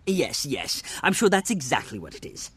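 A man's voice: fairly high pitch, very animated, moderate pace, fairly bright tone, husky, no echo, exaggerated voice. An actor playing a pompous, wordy male scholar who leads a lab and talks down to his helpers. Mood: haughty. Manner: wordy, condescending.

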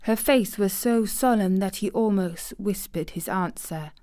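A woman narrating a classic story in a calm, measured way. She reads at an unhurried pace that lets each sentence settle. Her voice sits at an ordinary middle pitch. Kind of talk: audiobook narration.

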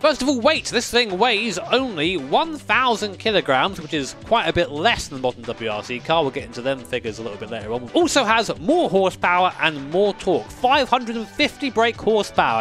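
A man's voice: fairly high pitch, sharp tone. A man giving chatty, swearing gameplay commentary while driving a rally sim at home. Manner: chatty, swears casually, laughs often. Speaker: sim racing streamer.

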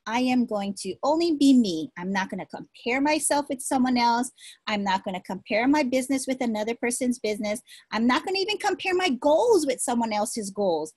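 A woman coaching her sales team in an upbeat, encouraging way, circling back to the same points over and over. Her voice sits fairly high with a husky edge. The sound is dry and close, recorded at her desk. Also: fairly quick, no room sound. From Hawaii. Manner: energetic, repetitive, encouraging. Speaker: direct sales team leader. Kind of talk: motivational coaching talk.

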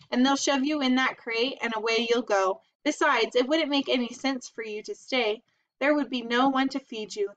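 A woman voicing a calm, wise female spider in a read-aloud storybook, quiet and firm. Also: fairly high pitch, lightly acted. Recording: dull lo-fi recording.

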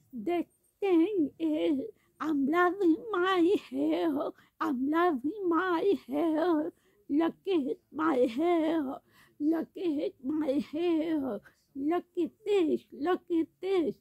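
Chanting phrases again and again, a woman rambles through a sung-spoken monologue in a very high, slightly mellow voice. It sounds dry and tinny, much like a phone recording.

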